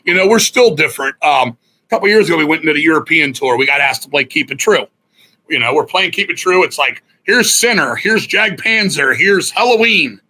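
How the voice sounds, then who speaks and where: A man's voice: a little high, animated, brisk, pushed and bright, poor audio. A middle-aged man from Virginia, a guest musician telling a story in a casual interview, swearing freely and acting out what other people said. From Virginia, USA.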